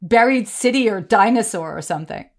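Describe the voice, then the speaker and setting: A woman's voice: medium pitch, animated. A woman co-hosting a podcast, playful and teasing in casual chat. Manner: playful, teasing, quick to laugh. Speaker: podcast co-host.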